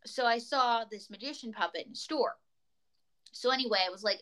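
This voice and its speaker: A woman's voice: fairly high pitch, a little fast, sharp tone, low-quality recording. A woman comedian telling rambling, tangent-filled stories as a guest in a casual chat. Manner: rambling, tangent-prone storytelling.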